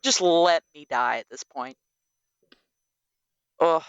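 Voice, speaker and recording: A woman co-hosting a podcast in casual review chat, animated and exclamatory, leaning on "like" as she talks. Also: low voice, slow, clear, resonant tone, no room sound, lo-fi sound. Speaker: podcast co-host.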